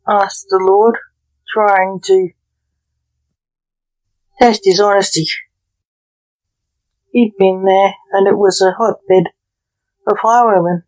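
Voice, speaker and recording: A woman's voice: mid-range voice, steady tone, slow, pauses often, a little mellow, poor audio. A woman narrating a historical romance story aloud as a storyteller.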